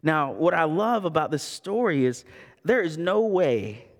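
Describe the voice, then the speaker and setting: A man's voice: on the high side, very animated, unhurried, big-room sound. A man in his thirties preaching a sermon as a pastor, in a conversational way with asides and repeated words. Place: church sanctuary.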